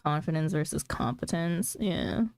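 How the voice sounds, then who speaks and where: A woman's voice: low voice, lively intonation, unhurried, gravelly, a little mellow, no room sound. A woman streamer chatting casually with her viewers, laughing often and talking with lots of "like" fillers. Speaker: streamer reading chat. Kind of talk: casual chat.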